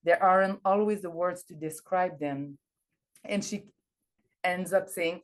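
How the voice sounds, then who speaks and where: A woman's voice: lowish voice, measured pace. A woman speaking English as a second language, giving an academic presentation over a video call, hesitant with many fillers and restarts. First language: not English. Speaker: conference presenter.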